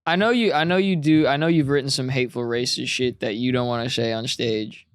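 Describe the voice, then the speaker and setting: A man's voice: mid-range voice, a little fast, clear, resonant tone, no room sound. A man guesting on a comedy podcast, laid-back and crude, swearing freely in casual banter.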